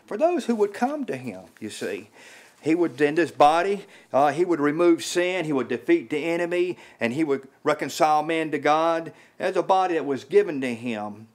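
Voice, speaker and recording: This mid-range voice belongs to a lay preacher giving an informal sermon in a small house church. He speaks haltingly, repeating words and leaning on fillers, and raises his voice to stress points.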